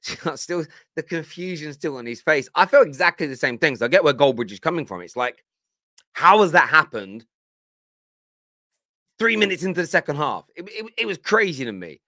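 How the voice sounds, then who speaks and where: A man hosts a football reaction show, laughing often as he reacts to clips. His voice is bright and lively, with a dry, close sound. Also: on the high side, fairly quick, few pauses, dry recording. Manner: laughs often, animated and amused. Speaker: host. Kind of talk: reaction commentary.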